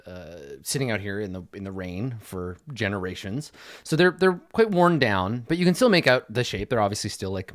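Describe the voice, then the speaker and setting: A man narrating as game master, casual and rambling, with fillers. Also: mid-range voice.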